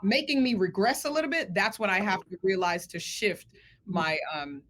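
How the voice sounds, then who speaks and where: A woman co-hosting a TV talk show, giving lively, enthusiastic introductions. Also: medium pitch, moderate pace, slight background noise. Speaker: co-host.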